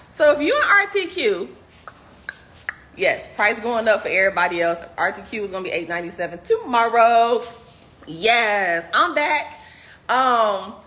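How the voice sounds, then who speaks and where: A woman who coaches software testers, chatting casually on a livestream and talking straight to her viewers. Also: fairly low pitch, a little hiss or hum. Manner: lively, chatty, greets viewers loudly.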